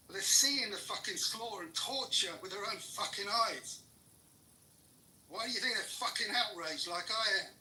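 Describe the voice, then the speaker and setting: A man's voice: high voice, pushed and bright. A man in a heated political debate, furious and swearing constantly as he hurls insults, heard in a room with others. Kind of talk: angry profane rant. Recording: roomy echo, distant mic.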